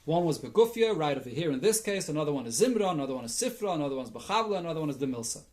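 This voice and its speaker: A man with a notably high-pitched voice giving a Talmud lesson. He reads the original text aloud and translates it line by line into English with Yiddish and Hebrew terms, pausing to think aloud as he teaches. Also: sing-song, darkish tone. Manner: thinks aloud, with restarts and fillers. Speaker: rabbi teaching daily Talmud.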